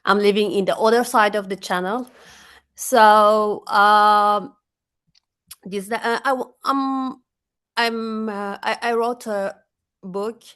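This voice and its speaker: A woman's voice: mid-range voice, fairly even intonation, fairly bright tone, clear, resonant tone. A woman poet from Iran with a heavy Persian accent, speaking hesitantly and then reading her poem aloud over a video call. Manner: hesitant, halting with many fillers. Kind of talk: poetry reading.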